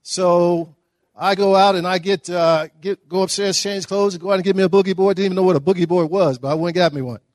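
A middle-aged man from Dallas, giving a humorous, animated motivational speech as a guest speaker. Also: high-pitched, fast, no room sound, clean studio sound. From Dallas, Texas. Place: breakfast event hall.

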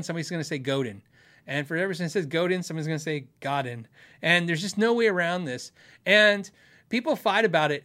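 A man's voice: high voice, pushed and bright. A middle-aged man hosting a guitar show, chatting casually with viewers, rambling and laughing often at himself. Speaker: host of a guitar show answering viewer questions. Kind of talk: casual live-stream chat.

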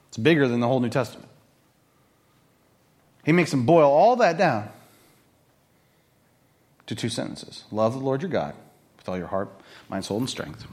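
A middle-aged man preaching a conversational sermon, telling the story and acting out the people in it. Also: medium pitch. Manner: conversational, storytelling, acts out quoted voices. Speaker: pastor.

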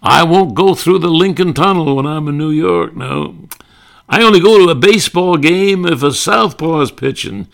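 An older man putting on a blustering, boastful Southern senator with a Southern drawl, booming and full of punchlines. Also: lively intonation, moderate pace, vocal fry.

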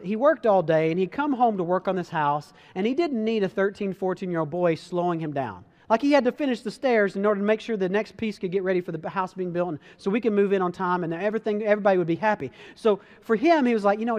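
A man giving an earnest, conversational talk to an audience, telling personal stories with frequent restarts and calling his listeners guys. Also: high voice. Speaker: speaker giving a motivational talk.

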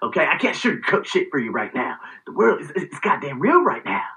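A man rants to his viewers in a sarcastic, profanity-laced vlog. His voice is bright and cutting and swings widely in pitch. He jumps from loud outbursts to low asides. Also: brisk, rough recording. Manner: profane, sarcastic, animated, heated. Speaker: vlogger. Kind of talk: ranting vlog commentary.

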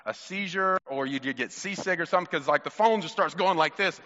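A man's voice: on the high side, a little fast, bright, forceful tone, in a large hall, muffled recording. A man preaching a sermon, talking to the congregation in a casual, conversational way and telling stories from family life. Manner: conversational, storytelling, addresses congregation directly. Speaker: pastor.

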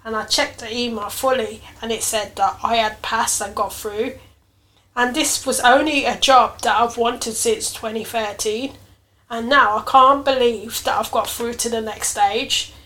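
A woman talks through a personal story on her podcast, slightly higher in pitch than most. She is earnest and reflective and leans into the emotional parts. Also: fairly even intonation, measured pace, sharp tone. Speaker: podcast host.

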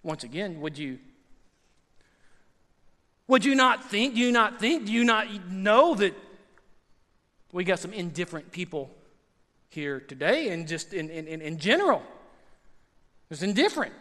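Male pastor, high bright voice, animated sermon delivery, reverberant sanctuary sound. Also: unhurried, long pauses. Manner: animated, swings from loud to hushed, repeats phrases. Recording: long hall reverb.

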